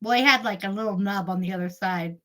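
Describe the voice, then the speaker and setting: On a live stream with poor audio, a middle-aged woman speaks fast in a sharp, mid-range voice. She's a chatty storyteller sharing family tales, laughing frequently and saying hello to viewers.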